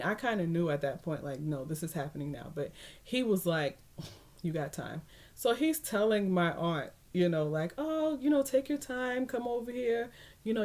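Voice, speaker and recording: Young woman vlogger, slightly low voice, animated storyteller who laughs and acts out quotes. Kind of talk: casual storytelling.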